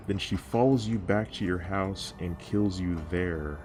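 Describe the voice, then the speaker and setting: A man's voice: low-pitched, unhurried, few pauses, a little mellow, soft background music. A man talking casually to camera, rambling and profane, often restarting his sentences. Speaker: youtuber. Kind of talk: casual video commentary.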